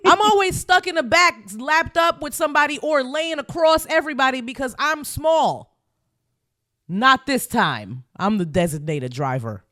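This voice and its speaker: Sassy woman with lively, dry-close voice. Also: moderate pace, dry recording. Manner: sassy, teasing, lively comebacks, drops low when deadpan. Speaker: podcast co-host. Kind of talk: casual banter.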